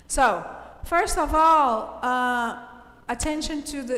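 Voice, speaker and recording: Slow, patient woman teacher. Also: fairly high pitch, fairly bright tone. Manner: patient, explanatory, checks understanding with frequent "okay?". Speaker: English teacher. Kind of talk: online class explanation. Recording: roomy, reverberant room sound.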